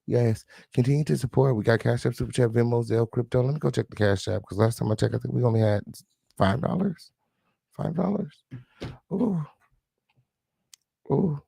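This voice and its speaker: A man's voice: medium pitch, fairly even intonation, fast talker, vocal fry, hardly any pauses, mellow, no room sound, clean studio sound. A man hosting a live stream, reacting with sassy, profane commentary and asking viewers for support.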